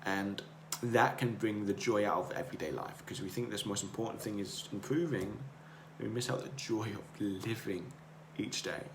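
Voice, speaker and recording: A man with a lowish voice talks earnestly and circles back over his own words in a rambling motivational monologue. The room around him is echoey, and a faint hiss sits under the voice. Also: normal speed. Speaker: podcast host. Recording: roomy echo, faint noise.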